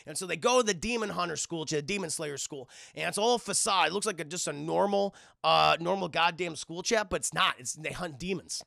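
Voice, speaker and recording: A young man streaming, recapping a cartoon episode to his live chat in a rambling, profane, animated way. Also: a little high, brisk, vocal fry, few pauses, no room sound, clean studio sound.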